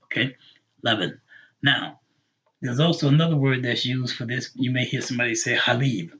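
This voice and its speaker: A man with a husky, breathy voice leads an online class and repeats each word slowly and patiently for his students. The sound is dull and lo-fi. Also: medium pitch, pushed and bright. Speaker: Arabic teacher. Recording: dull lo-fi recording.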